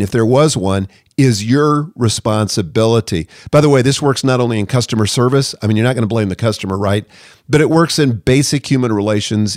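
A man's voice: medium pitch, a little mellow, no room sound, studio quality. A man hosting a podcast, speaking in an earnest, direct way and acting out sample apologies. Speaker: podcast host. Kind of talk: conversational podcast advice.

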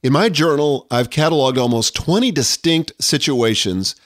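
A man's voice: on the high side, expressive, moderate pace, dry recording. Earnest older man on a dry mic. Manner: earnest, reflective, reads quotes aloud. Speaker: podcast host. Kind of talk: scripted podcast monologue.

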